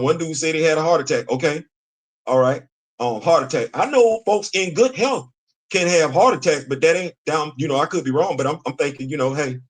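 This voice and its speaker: A middle-aged man hosting a live commentary stream, talking casually, repeating himself for emphasis and answering his chat. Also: fairly high pitch. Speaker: show host.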